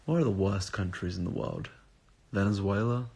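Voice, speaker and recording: A tired young man rambles through viewer questions on a phone live stream. His voice sits low and gravelly, with a husky edge. He drifts off topic and swears now and then. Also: normal speed, dark tone. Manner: rambling, reads out and answers viewer comments, swears casually. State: tired and up at odd hours. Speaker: live streamer answering chat. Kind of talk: casual live-stream chat.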